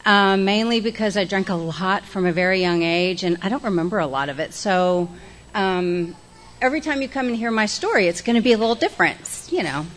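A middle-aged woman, speaking candidly and folksily about her recovery and guiding a group through slow breaths. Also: medium pitch. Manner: candid, self-deprecating, folksy. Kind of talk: personal recovery talk with guided breathing.

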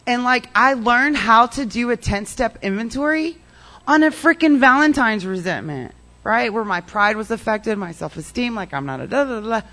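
A woman's voice: on the high side, expressive, moderate pace, pushed and bright. A woman telling her personal recovery story in a rambling way, full of "like" and "um". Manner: rambling, heavy use of "like" and "um".

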